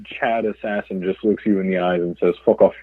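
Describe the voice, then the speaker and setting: A man's voice: low voice, steady tone, brisk, no room sound, phone-quality sound. A man co-hosting a podcast, chiming in with jokes and profane remarks in casual chat. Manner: joking, profane interjections. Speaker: podcast co-host.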